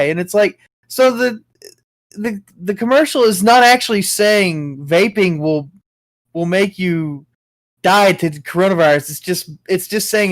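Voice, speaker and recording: A man's voice: high-pitched, a little slow, no room sound. A man co-hosting a casual talk show, ranting in a rambling, profane way. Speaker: co-host. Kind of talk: casual chat.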